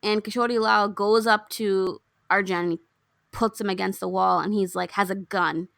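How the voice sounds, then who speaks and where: A podcast co-host with a mid-range, creaky voice talks at a moderate pace in a dry recording with no room sound. Chatting casually, she recaps a film's plot, animatedly acting out its quotes in a raised voice.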